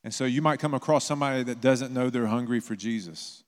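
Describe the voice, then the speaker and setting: This time the pastor talks fast in a mid-range voice, preaching his sermon through casual, conversational stories. Everything echoes with the long reverb of the church hall.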